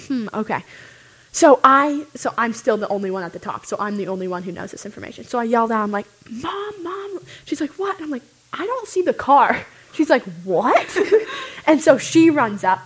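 A young woman casually telling a story, animated and full of "like" fillers. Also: mid-range voice, a little fast, rough recording.

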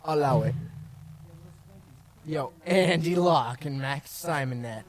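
A man co-hosting a late-night radio show, playful and deadpan. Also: a little high, takes it slowly.

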